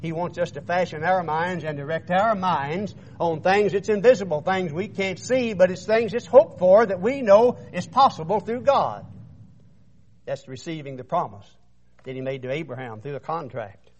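A man's voice: high voice, moderate pace, slight background noise. A man preaching a sermon, retelling scripture in an emphatic storytelling manner and often repeating words. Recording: dull muffled recording.

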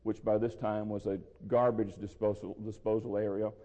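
A man teaching through a Bible passage verse by verse, measured and explanatory, with a dry throat he soothes with water. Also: lowish voice, level tone, dark tone. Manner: measured, explanatory, restarts phrases. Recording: lo-fi with long hall reverb.

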